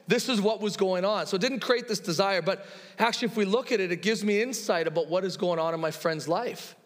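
A man in his thirties, a pastor, preaching a sermon in a relaxed, conversational way, telling personal stories with quoted dialogue. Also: on the high side, long reverb tail.

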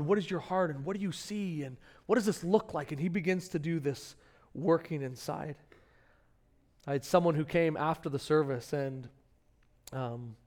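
A middle-aged man preaches to his congregation in a fairly high voice. He tells stories conversationally, with his pitch and volume jumping up when he gets animated. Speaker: pastor. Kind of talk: sermon.

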